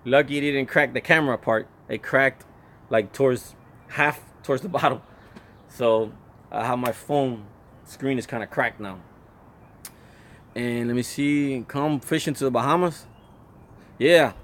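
A man's voice: mid-range voice, a little slow, pauses often, slight background noise. Middle-aged man chatting on a phone live stream. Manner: relaxed, rambling, reads out viewer comments. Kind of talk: casual live-stream chat answering viewers. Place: Florida.

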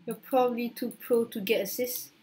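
A woman's voice: fairly high pitch, fairly even intonation, normal speed, darkish tone. A woman gamer chatting casually during a match, frustrated, sighing and teasing her friend. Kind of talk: casual gaming chat.

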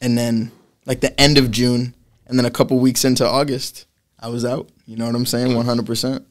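A man's voice: mid-range voice, flat delivery, a little fast. A man in his twenties from Massachusetts, a podcast guest talking in a rambling, casual way, full of restarts. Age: 20s. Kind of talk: casual chat.

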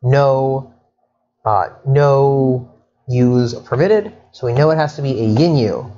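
A chatty male Egyptology lecturer explains his subject slowly in a medium-pitched voice that sounds slightly muffled. His teaching is lively, full of asides and self-corrections.

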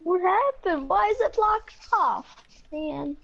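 A woman's voice: very high-pitched, lively intonation, takes it slowly, gravelly, fairly bright tone. A woman playing a game with friends, giving orders and calling for focus. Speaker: game player. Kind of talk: casual game chat. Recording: dull lo-fi mic.

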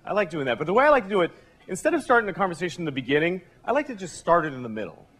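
A man performing a stand-up comedy set on a club stage, talking in a deadpan conversational way with sudden yelps. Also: sits high, very fast, slightly rough. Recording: live club recording, audience and room noise.

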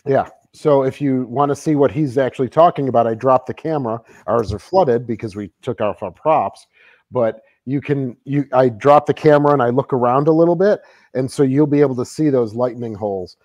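A man's voice: medium pitch, a little fast, a little mellow, dry recording. Man explaining things on a livestream. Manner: explains by pointing viewers to his own video. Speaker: livestream co-host. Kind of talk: casual livestream chat.

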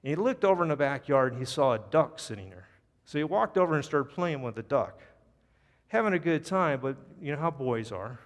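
Very animated and a little fast, this male pastor's voice sits on the high side as he tells a sermon story in a church sanctuary. He stays earnest, then goes soft to issue an altar call, with long reverb and faint music in the recording.

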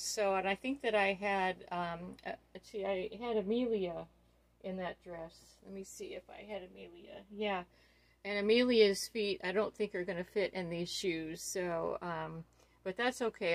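Slow-talking, gushing woman unboxing gifts. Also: mid-range voice, no echo. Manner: gushing, awestruck, full of fillers. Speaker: doll collector vlogger. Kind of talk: casual unboxing chat.

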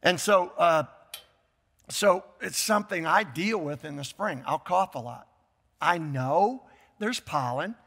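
An older man preaching a sermon as pastor, emphatic, repeating key phrases and breaking into shouts. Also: fairly high pitch, expressive, slow pace, creaky, in a large hall. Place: church sanctuary.

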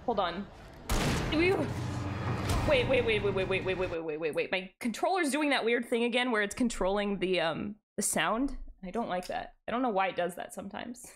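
A young woman streaming a game, chatting casually and excitably with her chat, giggling often. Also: medium pitch, moderate pace, a little hiss or hum.

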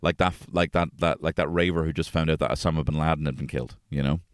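A man hosting a podcast, telling casual stories about his family, swearing freely and jumping into high-pitched voices when quoting people. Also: fast, no echo, clean studio sound. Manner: swears freely, animated, acts out quotes in a high voice. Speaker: podcast host. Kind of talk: casual storytelling chat.

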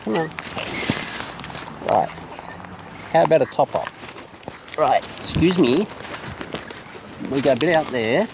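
A man's voice: fairly high pitch, expressive, slow, gravelly, pauses often. An Australian man outdoors, coaxing and playfully teasing wild birds in a casual, sing-song way. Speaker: bird feeder filming wild birds. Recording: noisy outdoor recording with birds. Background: bird calls and outdoor sounds.

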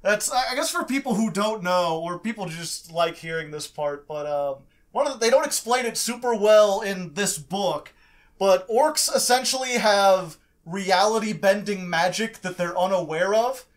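A podcast host with a notably high voice, chatting casually about a book. He explains background lore and tells anecdotes with sound effects, laughing often as he goes. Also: animated, normal speed.

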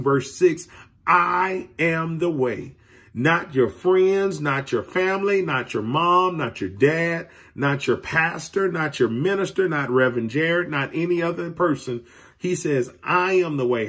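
A man's voice: a little high, husky. A man teaching a Sunday school lesson to young people, earnest and preacherly, speaking to them directly. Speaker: youth minister. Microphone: recorded alone beside a window.

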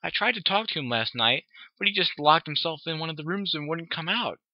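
A man's voice: on the high side, animated, a little fast, dry recording, voice pushed up. A man reading aloud, voicing a tired, bookish young female unicorn with a raised voice, recorded dry and dull. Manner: tired, sighing.

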